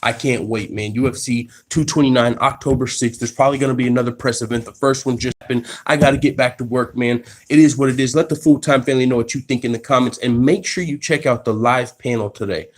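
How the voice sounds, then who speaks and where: Excitable slangy man hosting an MMA stream. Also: mid-range voice, quick pace, few pauses. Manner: profane slangy storytelling; excitable, restarts sentences. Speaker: MMA channel host. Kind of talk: casual live-stream reaction. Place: at his workplace.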